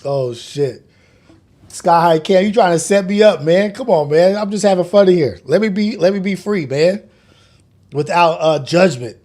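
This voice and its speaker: A man's voice: a little high, normal speed, a little mellow. Joking man in his forties hosting. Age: 40s. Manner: loose and joking, swears often, laughs a lot. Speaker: podcast host. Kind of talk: casual morning show chat.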